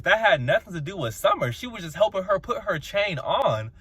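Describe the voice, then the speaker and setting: Sassy, animated man recapping an episode. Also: brisk, few pauses, breathy edge, dry recording. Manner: sassy, slangy and dramatic, with sudden high squeals. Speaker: reality show reviewer and channel host.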